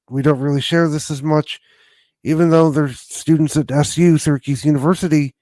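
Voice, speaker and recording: A man hosting a podcast interview, talking in a halting way with many pauses and restarts. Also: a little high, darkish tone, no echo. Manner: halting, many fillers and restarts while asking. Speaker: podcast host.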